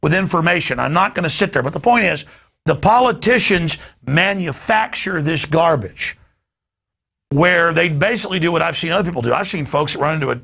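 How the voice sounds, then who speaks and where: A man's voice: a little high, expressive, a little fast, vocal fry, pushed and bright. A man hosting a talk show, delivering an emphatic and indignant political rant. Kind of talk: ranting political commentary.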